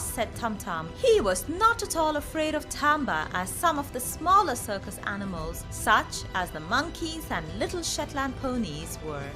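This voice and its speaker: A woman narrating a children's storybook aloud in an expressive, animated way. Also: mid-range voice, unhurried, few pauses, faint music behind.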